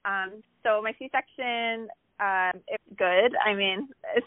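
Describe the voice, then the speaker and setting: A woman's voice: mid-range voice, slow, no echo. Woman telling a story over a tinny line. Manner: animated, acts out quoted voices, many "like" fillers. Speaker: podcast guest. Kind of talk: casual storytelling chat. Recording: tinny phone-like line, dry.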